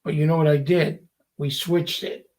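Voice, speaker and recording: Man, guest storyteller, casual chat, slightly high voice, gravelly, acts out quotes. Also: moderate pace. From Revere, Massachusetts. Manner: animated anecdote-telling, acting out quoted people.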